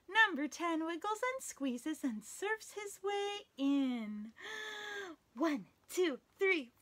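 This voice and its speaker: A woman hosting children's story time as a librarian, reading picture books aloud in an animated, sing-song way and counting along. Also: very high-pitched.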